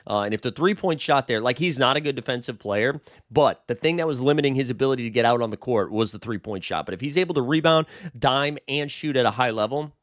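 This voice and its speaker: A man's voice: mid-range voice, quick pace, dry recording, clean studio sound. A man hosting a casual basketball talk show, rambling and opinionated, often correcting himself mid-sentence. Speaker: sports podcast host.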